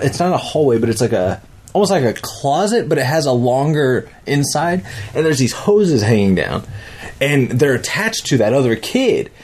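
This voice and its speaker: Man, casual storyteller, mid pitch, animated and profane. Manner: animated, rambling, profane, acts out quotes.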